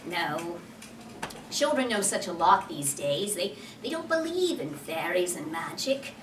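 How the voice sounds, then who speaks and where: A woman's voice: fairly low pitch, very animated, measured pace, noisy background, voice pushed down. A woman playing Peter Pan, a cocky boy. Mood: earnest. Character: boastful boy who never grows up. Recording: roomy hall from a distance.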